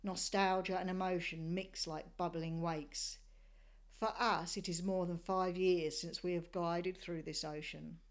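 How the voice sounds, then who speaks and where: A woman narrates a sailing journey in a measured, descriptive way. Her voice sits a little low for a woman, and the delivery is steady and scripted. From Australia.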